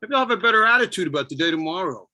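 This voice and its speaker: A man's voice: sits high, animated, rapid-fire, bright, forceful tone. A man giving a spoken-word poetry performance, brooding and self-questioning with a wry edge. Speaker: poet.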